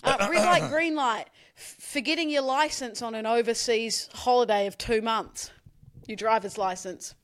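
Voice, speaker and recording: A young man co-hosting a podcast, chatty and quick, telling stories and teasing back. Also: very high-pitched, fairly bright tone. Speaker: podcast co-host. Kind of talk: casual banter.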